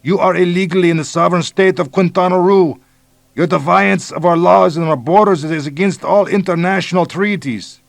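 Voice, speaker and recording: A man's voice: high-pitched, steady tone, normal speed, creaky, no echo, clean studio sound, voice pushed up. A man playing a menacing police chief turned rebel leader, with a Mexican accent, bellowing commands.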